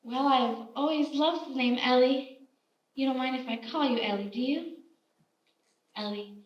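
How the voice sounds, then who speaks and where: A woman's voice: high voice, a little slow, recorded from a distance, lo-fi sound. A woman playing a chatty frontier baker. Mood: chatty scolding. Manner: motherly, scolding, chatty. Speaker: stage actor. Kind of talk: live stage play acting. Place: theater stage. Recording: roomy theater stage, heard from afar.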